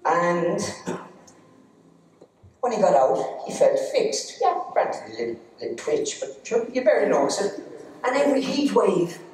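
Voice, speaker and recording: A man's voice: high voice, very animated, normal speed, darkish tone, a little hiss or hum. Cheeky Irish man telling comic stories. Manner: cheeky, teasing, playful. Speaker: stand-up storyteller. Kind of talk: live comic storytelling. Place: arts centre stage. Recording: echoey hall, distant mic.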